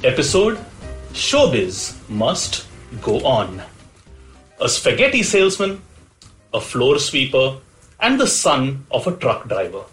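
A man's voice: mid-range voice, huge pitch swings, takes it slowly, long pauses, a bit bright, soft background music, low-quality recording. A man hosting a storytelling podcast, narrating from a script with playful, chatty asides to the listener. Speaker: podcast host.

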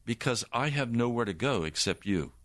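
An older man, a preacher, giving an earnest personal testimony in a slow storytelling manner. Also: mid-range voice, lively intonation, a bit bright, no room sound.

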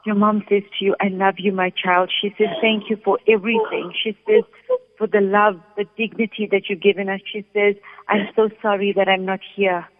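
A woman working as a psychic medium, calmly relaying messages during a radio reading. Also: mid-range voice, normal speed. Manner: calm, steady, relays messages in first person. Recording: phone-like sound with long reverb.

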